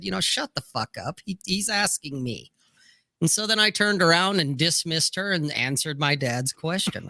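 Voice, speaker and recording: A man's voice: on the high side, sharp tone, no room sound. A middle-aged man telling a long, candid and profane personal story on a casual podcast panel, full of "you know". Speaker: podcast co-host.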